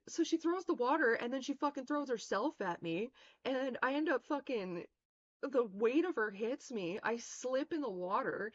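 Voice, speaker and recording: A woman's voice: on the high side, a bit bright. A woman streamer telling a long story in a casual, rambling way, full of swearing and fillers. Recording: dull lo-fi stream mic.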